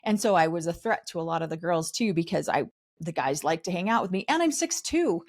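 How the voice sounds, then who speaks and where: A woman's voice: lowish voice, a little fast. A woman co-hosting a podcast, recapping a reality show in casual chat and mocking the people she talks about. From raised in a polygamous community. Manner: animated, mocking impressions of others. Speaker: podcast co-host.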